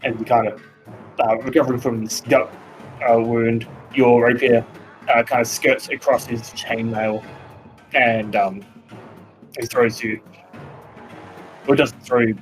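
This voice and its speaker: An Australian man narrating a tabletop game as game master, with a loose, relaxed delivery full of fillers. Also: mid-range voice, unhurried, pauses often, faint music behind. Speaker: dungeon master. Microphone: podcast microphone.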